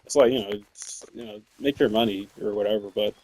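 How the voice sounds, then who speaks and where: A man's voice: lowish voice, a little fast, darkish tone. A young man telling work stories in a casual, rambling way, swearing and laughing often. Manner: rambling, profane, laughs often, many fillers. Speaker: streamer. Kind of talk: casual storytelling while gaming.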